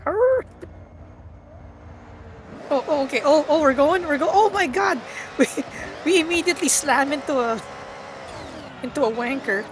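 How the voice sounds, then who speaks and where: Young female car-game streamer, bright-pitched, excitable and stammery, with loud engine noise under the mic. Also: normal speed. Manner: excitable, squealing, stammering and laughing while driving. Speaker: automotive VTuber streamer. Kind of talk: live gaming stream commentary.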